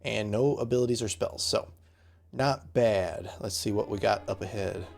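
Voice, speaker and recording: A man giving relaxed, chatty commentary on a game playthrough, with faint game music behind. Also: fairly low pitch, normal speed, vocal fry. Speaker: gamer.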